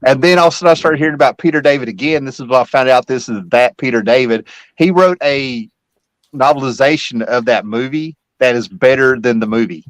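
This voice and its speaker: A man's voice: medium pitch, fairly quick, no room sound, low-quality recording. Man, middle-aged, casual host chat, rambling, nostalgic, trails off, dry close sound. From Kentucky-Virginia area.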